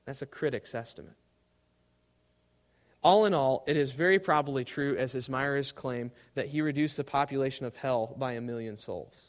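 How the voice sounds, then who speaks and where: A man with a mid-range voice preaches a sermon at normal speed to a live congregation. He swings between loud emphasis and hushed, quiet tones.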